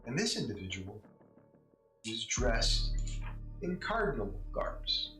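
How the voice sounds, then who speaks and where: A man narrating as game master of a tabletop game, pausing often between phrases. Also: mid-range voice, wildly swooping pitch, sharp tone. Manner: slow, halting narration with pauses. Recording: echoey room, mic at a distance, music behind.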